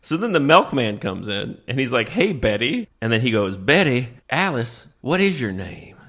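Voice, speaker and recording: A man doing comedic podcast storytelling as a stand-up host, animated and laughing at his own jokes while he acts out characters. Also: mid-range voice, moderate pace.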